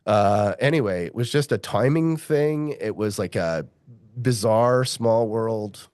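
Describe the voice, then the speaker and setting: In a dry recording, a middle-aged man who works as a mining geologist speaks slowly in a lowish voice as he recounts a lengthy tale during an interview. He's profane and lively, performing the voices of everyone he quotes.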